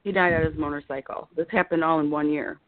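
Speaking fast in a low-pitched, steady tone, a woman in her fifties phones in to a live show; there's no echo, just the tinny sound of the telephone. She rambles in emotional bursts and struggles not to cry.

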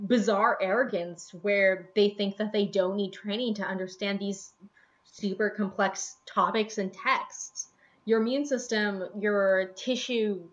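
A woman cancer researcher chatting on a podcast, ranting in an animated, exasperated way about odd health fads. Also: mid-range voice, highs cut off. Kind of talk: casual podcast chat.

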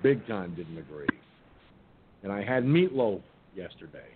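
An older man talks his way loosely through a story, circling back, restarting sentences and dropping the odd curse. The sound is narrow and tinny, like a phone call, and a faint rumble hums underneath. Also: very animated, measured pace. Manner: rambling, many restarts, swears casually. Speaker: radio show host. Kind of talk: casual rambling monologue. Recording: muffled phone-line audio with faint rumble.

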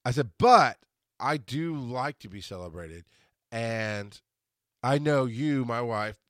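A man in his forties rambles through a casual solo monologue. He keeps restarting and correcting himself, and he gets animated when he quotes other people. His voice sits in an ordinary middle register and sounds dry and close. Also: medium pitch, takes it slowly, no echo. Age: 40s. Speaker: podcast host.

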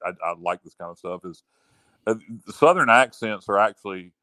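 A man's voice: fairly low pitch, lively intonation, moderate pace, bright, forceful tone, dry recording. A man hosting a casual sports talk show, boastful and rambling, often repeating himself.

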